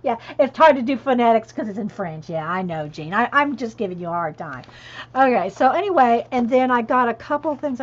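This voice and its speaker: A chatty woman with a lilt, talking casually and laughing easily as she answers viewers. Her voice sits a bit high. The stream audio is dull and lo-fi. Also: expressive, a little fast. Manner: chatty, laughing, reads chat aloud. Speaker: coloring livestream host. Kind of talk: casual livestream chat.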